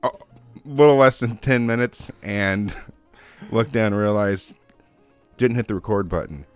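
A man's voice: lowish voice, unhurried, clear, resonant tone, dry recording, soft background music. A man co-hosting a podcast, joking and laughing through casual chat. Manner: jokey, laughs while talking. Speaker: podcast co-host.

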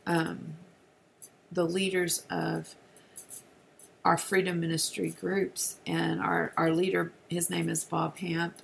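Gravelly low-voiced woman telling a testimony. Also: a little hiss or hum. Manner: earnest, with frequent restarts and soft dips to near-whisper. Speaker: speaker sharing a personal testimony. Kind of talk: personal testimony storytelling.

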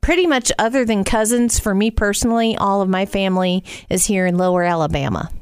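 A middle-aged woman from Northwest Indiana, a Midwesterner with a mild Southern accent, chats casually as a guest and tells stories peppered with little asides. Her mid-range voice is brisk and smooth, with no room sound.

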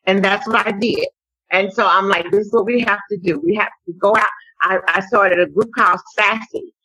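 Woman guest, husky and bright, animated storyteller, dry close sound. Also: medium pitch, normal speed, no echo, rough recording. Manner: animated storyteller, acts out quotes. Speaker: interview guest, advocate. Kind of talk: conversational testimony.

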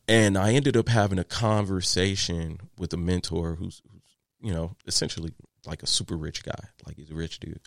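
Deep gravelly-voiced man telling stories. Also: moderate pace, no echo, clean studio sound. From Texas. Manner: candid, animated storyteller with many fillers and restarts. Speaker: guest, landscaping business owner. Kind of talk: interview storytelling.

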